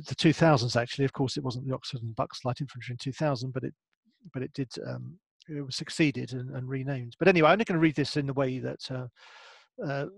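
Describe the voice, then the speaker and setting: A man's voice: medium pitch, dry recording. A man, a family history expert giving a hesitant presentation with many ums and restarts. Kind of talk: online presentation.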